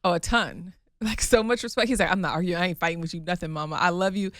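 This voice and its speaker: A woman co-hosting a casual podcast, a mother telling a family story in a quick, chatty way and laughing easily. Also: on the low side, a bit bright, no room sound, clean studio sound.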